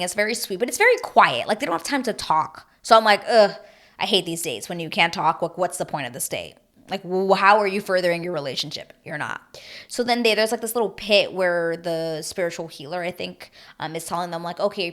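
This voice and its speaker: Chatty woman recapping reality TV. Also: fairly low pitch. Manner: chatty, animated, acts out reactions. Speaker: TV recap host.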